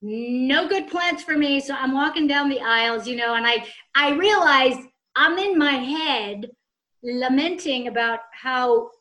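A woman spins a story in relaxed conversation, snarky and animated, cursing freely. Her voice sits high and sounds bright and sharp. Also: unhurried. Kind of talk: casual storytelling chat.

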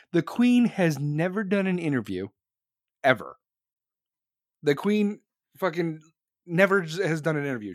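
A man streaming live, chatting casually and profanely to his audience, excitable and laughing between remarks. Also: fairly high pitch, no echo, clean studio sound.

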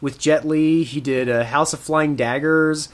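A man co-hosting a casual movie podcast, excitable and swearing. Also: a little high. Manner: excitable, swearing, quick bursts. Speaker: podcast co-host.

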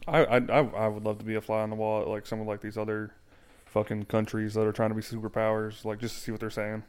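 A man's voice: fairly low pitch, completely flat delivery, fast talker, a little mellow, smooth. A man hosting a casual chat, rambling and swearing, often trailing off.

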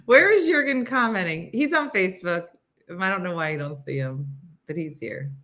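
A woman's voice: lowish voice, animated, normal speed, bright, forceful tone. A woman hosting a casual morning live stream, chatty and rambling, laughing often and reading viewer comments aloud.

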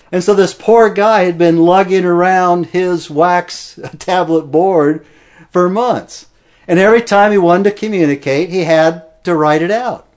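Man preacher, slightly higher voice, earnest verse-by-verse sermon delivery. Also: a little mellow. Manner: earnest, explanatory, stresses key words. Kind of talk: expository sermon.

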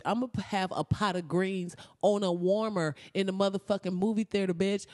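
A young woman in a casual reaction vlog, talking excitedly and profanely, laughing often and slipping into mock-outraged asides. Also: medium pitch, normal speed, hardly any pauses, dry recording, clean studio sound. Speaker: vlogger reacting to a movie trailer.

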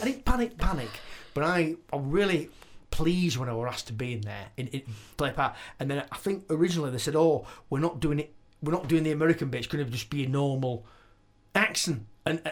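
A man's voice: fairly high pitch, animated, fast. A man hosting a casual interview, rambling with many restarts and laughs. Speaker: podcast host.

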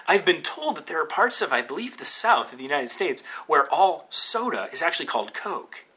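A man's voice: on the high side, sing-song, a little fast, sharp tone, slightly rough. A Canadian man with a Canadian accent hosting a podcast, talking in a rambling, casual way with lots of fillers and restarts. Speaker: podcast host.

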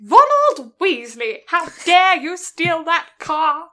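A prim, bossy schoolgirl witch scolds slowly and emphatically. Her voice is high and bright. A woman plays her in an impression. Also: animated, heavily acted. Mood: indignant.

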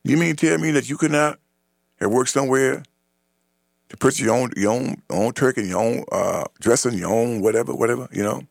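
A man's voice: mid-range voice, brisk, vocal fry, dry recording, clean studio sound. A man hosting a radio talk show, delivering an emphatic, repetitive opinion monologue.

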